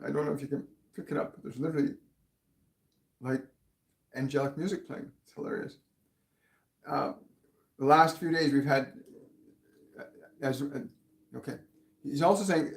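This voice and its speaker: A man hosting a live channeling session. He relays spirit messages in an earnest, measured way, laughs softly and often restarts his sentences. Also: medium pitch, steady tone. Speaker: spiritual medium and show host. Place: home living room. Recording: echoey room.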